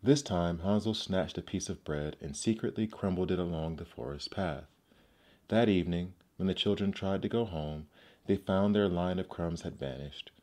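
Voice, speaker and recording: A man narrating classic fairy tales aloud in a measured, gentle storybook manner. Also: deep voice.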